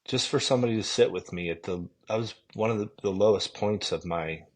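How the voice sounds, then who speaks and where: A man speaking gently and reflectively in casual conversation, often trailing off. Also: fairly low pitch, a little fast.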